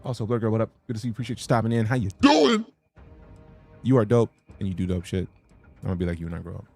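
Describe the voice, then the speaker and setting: A man's voice: lowish voice, very fast, gravelly, dark tone, faint music behind. A young adult man streaming a game live, chatting casually, with profane, joking commentary and sudden sing-song bursts. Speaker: gaming streamer.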